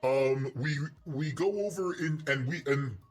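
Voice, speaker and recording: A man's voice: fairly high pitch, a little slow, soft background music. Man, game streamer, casual rambling story, lots of restarts and self-corrections. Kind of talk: casual gaming stream chat.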